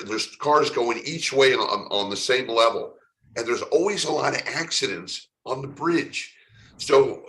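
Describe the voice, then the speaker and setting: A man's voice: medium pitch, a bit bright. Interview guest: a man from San Francisco, earnest storyteller, mid-range voice, repeats words as he goes. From San Francisco, United States. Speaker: spiritual coach being interviewed. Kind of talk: conversational interview.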